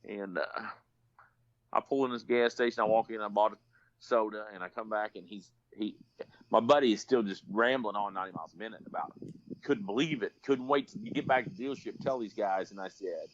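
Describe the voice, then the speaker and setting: A man's voice: on the low side, brisk, dry recording, highs cut off. A man telling a rambling, folksy story on a podcast, full of restarts. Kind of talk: casual storytelling.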